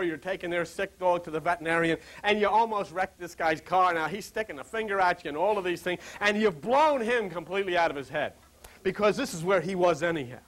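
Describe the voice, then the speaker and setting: A man with a high, bright-toned voice lectures a small group on spiritual matters. His pitch leaps and swoops constantly as he rambles along, chuckling through asides and turning to quiz the people in front of him. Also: poor audio. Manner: animated and rambling, with direct questions to listeners. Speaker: spiritual teacher.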